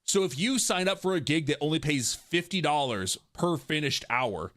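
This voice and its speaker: Male streamer, upbeat, slightly high voice, chats playfully with his viewers. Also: normal speed. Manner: animated, jokey, talks to chat. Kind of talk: casual livestream chat.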